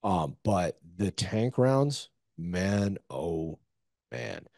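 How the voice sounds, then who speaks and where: A man's voice: low voice, very animated, very slow, a little mellow, dry recording, studio quality. A man, a former soldier, telling a war story casually in an interview, loose and profane with lots of fillers. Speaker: guest, former Army Ranger.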